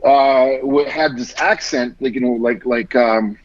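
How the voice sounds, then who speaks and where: A man's voice: medium pitch, measured pace, highs cut off. A man guest on a podcast telling a long story in casual talk, rambling and swearing often, acting out what others said. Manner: rambling, heavy swearing, acts out quotes.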